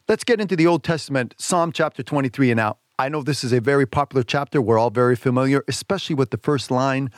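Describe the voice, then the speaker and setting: A man hosting a radio sermon, reading scripture slowly and with emphasis, and asking listeners to repeat lines with him. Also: medium pitch, dry recording, studio quality. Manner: emphatic, slows down to stress scripture. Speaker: radio preacher, host.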